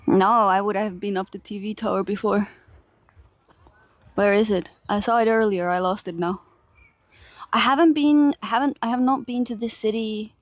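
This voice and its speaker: Strolling outdoors in a park with a handheld phone camera, this young Finnish streamer talks casually to her viewers and responds to chat, laughing readily. She speaks at a normal speed in a medium pitch, pausing often, and there's no room sound.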